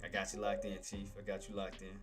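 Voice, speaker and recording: A man hosts a live day-trading stream, giving casual market commentary over music in a lowish, monotone voice at a quick pace. He's laid-back and slangy, addressing his viewers as "boss" and "man."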